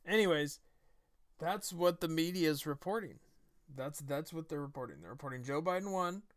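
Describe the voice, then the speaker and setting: A man's voice: fairly high pitch, normal speed, no room sound, clean studio sound. A man hosting his own podcast, delivering a combative, sarcastic political commentary monologue. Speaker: podcast host.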